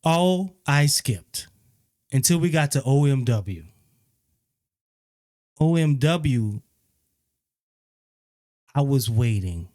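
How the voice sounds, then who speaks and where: A man giving a casual, opinionated spoken album review, often repeating himself and growing animated when he criticizes. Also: medium pitch, very slow, pauses often. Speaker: music reviewer.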